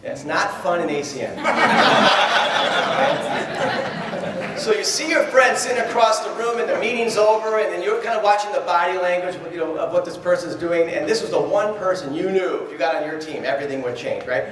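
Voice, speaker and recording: A man giving a live motivational seminar talk, animated, acting out little dialogues and quizzing the crowd. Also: sits high, moderate pace, background noise. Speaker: motivational trainer. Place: large event hall. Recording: echoey hall from far off.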